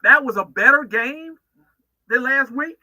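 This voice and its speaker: A man's voice: extremely high pitch, unhurried, sharp tone, low-quality recording. A man giving opinionated football analysis on sports talk radio, emphatic and often restarting his phrases.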